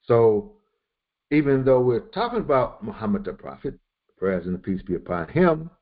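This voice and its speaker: A man teaching a verse-by-verse Quran commentary lesson, explaining slowly with repetitions and quoted Arabic terms. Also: mid-range voice, sing-song. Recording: dull lo-fi recording.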